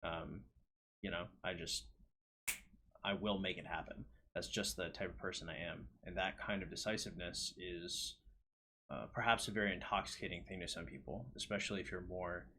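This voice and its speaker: A man talking alone in a reflective monologue, hesitant, with many pauses and restarts. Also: sits low, sharp tone, slight background noise. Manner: hesitant, lots of ums and restarts. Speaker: solo talker reading his own poem.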